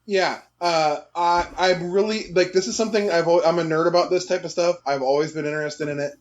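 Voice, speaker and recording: Podcast cohost, kinda high voice, lotta ums, bit muffled audio. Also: male voice, fairly even intonation, brisk. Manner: hesitant, lots of fillers, earnest. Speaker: podcast co-host. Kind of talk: casual chat.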